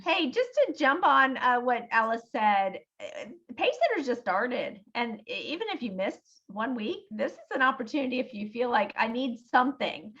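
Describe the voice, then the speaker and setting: Woman, team leader, encouraging coach, slightly high voice, dull call audio. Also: big pitch swings, moderate pace, fairly bright tone. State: froggy voice earlier today. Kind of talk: motivational business call.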